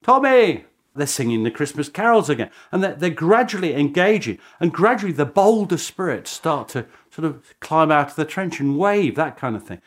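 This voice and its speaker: A man's voice: fairly high pitch, big pitch swings, normal speed, hardly any pauses. A man speaking as a historian in a documentary interview, telling the story with chuckles and restarts.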